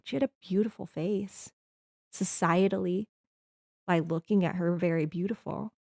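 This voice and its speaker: Gravelly low-voiced woman podcaster. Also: fairly even intonation, normal speed, a little mellow, no echo, clean studio sound. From American Midwest. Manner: earnest, rambling with restarts. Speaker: podcast host. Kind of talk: personal reflective monologue.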